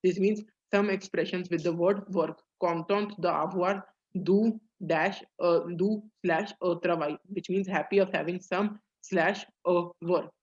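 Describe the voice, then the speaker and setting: A man teaching a French lesson online, translating phrase by phrase and pausing on "uh"s as he explains. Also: sits high, fairly even intonation. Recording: dull lo-fi audio.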